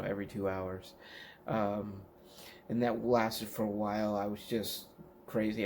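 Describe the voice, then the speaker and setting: A man from Washington State telling his personal story in a vlog, halting with many fillers and restarts, at home in his living room. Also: lowish voice, vocal fry, a little hiss or hum. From Washington State, United States. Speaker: vlogger.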